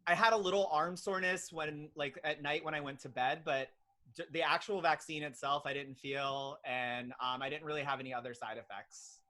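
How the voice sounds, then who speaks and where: A man's voice: on the high side, steady tone, normal speed, sharp tone. A young man, a pediatric nurse, talking earnestly as a podcast guest, with lots of ums and likes. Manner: earnest, filler-heavy storytelling. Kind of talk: casual interview chat.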